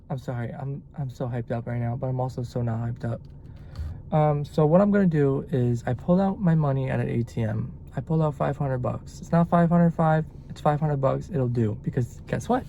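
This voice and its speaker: In this casual vlog rant, a young delivery driver sounds exasperated and animated, cursing freely. The medium-pitched voice moves a little fast over slight background noise.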